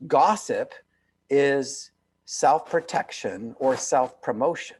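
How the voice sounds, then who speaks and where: Over a video call, a guest author past fifty talks reflectively in a medium-pitched voice that is animated, slow and slightly rough. He speaks with earnest emphasis, repeating phrases to add weight.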